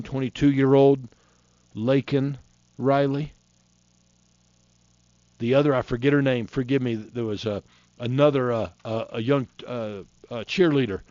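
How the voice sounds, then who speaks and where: A man's voice: medium pitch, a little mellow, no echo. A man in his fifties from Florida, preaching a fiery sermon in a folksy, impassioned way, in a dull, dry lo-fi recording. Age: 50s.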